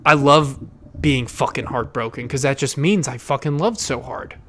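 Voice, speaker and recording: A young man hosting his own podcast, talking loudly and emotionally in a rambling way, with fillers and swearing. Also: medium pitch, normal speed, a little hiss or hum. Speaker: podcast host. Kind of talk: casual solo podcast monologue.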